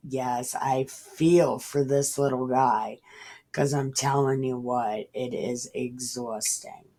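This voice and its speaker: Woman, low voice, unhurried, casual scripture reading, rambling irreverent commentary. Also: mellow. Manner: rambling, irreverent, swears freely. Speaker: online Bible reader.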